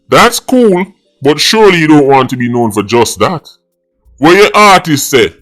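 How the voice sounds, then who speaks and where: A Jamaican man with a slightly raised voice hosts his own commentary vlog. He rants with indignation, sliding between patois and English. Soft music plays faintly behind him. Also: fairly high pitch, lively intonation, moderate pace. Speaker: vlogger host.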